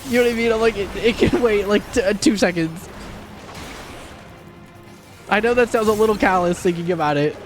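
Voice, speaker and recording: A sarcastic male streamer rants casually, swearing freely and slipping into mocking voices for the people he quotes. His voice sits a bit high, and faint music plays behind him. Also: a little fast, long pauses. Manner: ranting, sarcastic, swears often.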